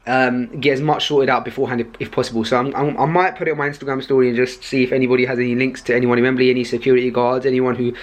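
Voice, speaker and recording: A man's voice: mid-range voice, racing, few pauses. Chatty young vlogger man. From Pakistani heritage. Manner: chatty, rambling, excitable, many fillers and restarts. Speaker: vlogger and podcast host. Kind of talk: casual vlog to camera.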